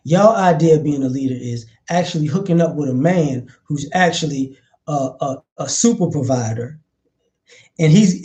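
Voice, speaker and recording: A man's voice: fairly high pitch, warm tone. A man giving opinionated commentary in a vlog, blunt and profane, hammering his points with repeated phrases.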